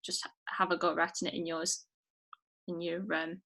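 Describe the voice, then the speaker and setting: A woman's voice: lowish voice, level tone, normal speed, pushed and bright. A young woman from England teaching an English literature class online, chatty and encouraging, over a video call. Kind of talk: online lesson.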